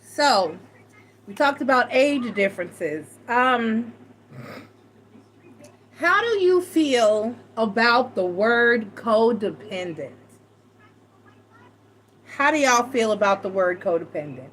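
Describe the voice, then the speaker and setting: Woman, middle-aged, casual storytelling, animated, quoted voices, faint noise. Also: a little high, slow pace, pauses often, poor audio. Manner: animated, acts out quoted voices, frequent self-restarts. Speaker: tarot reader and live chat host. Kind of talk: casual storytelling to a live chat.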